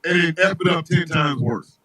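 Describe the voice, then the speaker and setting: A man hosting a live talk show, ranting comedically in a profane, animated way, often shouting. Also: fairly high pitch, normal speed, breathy edge, poor audio. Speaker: host.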